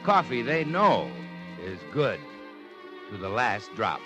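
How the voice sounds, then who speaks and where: Earnest old-radio announcer over loud music. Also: male voice, mid-range voice, sing-song, slow. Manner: smooth, earnest salesman delivery. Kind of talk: scripted commercial read.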